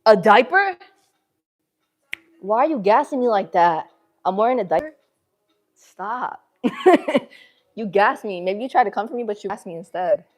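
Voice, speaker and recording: A woman's voice: mid-range voice, lively intonation, normal speed, long pauses, a little mellow, faint music behind. A woman hosting a casual livestream from a gym, with a northern city accent, talking to her viewers in a slangy, chatty way. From northern United States. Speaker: livestream host. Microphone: phone camera.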